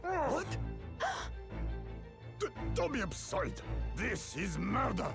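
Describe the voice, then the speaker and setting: A man's voice: high-pitched, wildly swooping pitch, slow pace, vocal fry, music in the background, full character voice. An actor playing a flustered young man, shocked and defensive.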